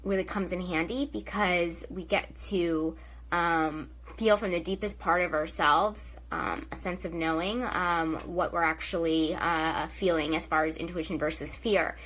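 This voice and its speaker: A woman's voice: lowish voice, steady tone, a little slow, fairly bright tone, low-quality recording. A young woman, a spiritual coach, talking casually to viewers on a live stream, with many fillers and "right?" tags.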